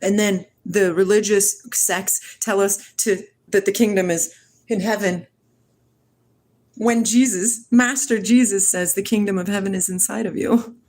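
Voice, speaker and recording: A middle-aged woman hosting a live stream, chatting casually with viewers and asking rapid, rambling questions. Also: medium pitch, steady tone, darkish tone. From United States. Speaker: livestream host. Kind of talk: casual live chat answering viewer comments.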